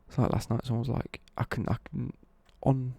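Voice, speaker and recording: Gravelly, dark-voiced young man. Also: medium pitch, flat delivery, a little fast, dry recording. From East Midlands, England. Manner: rambling, chatty, with swearing and self-corrections. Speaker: live streamer. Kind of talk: casual live-stream chat, answering viewer questions.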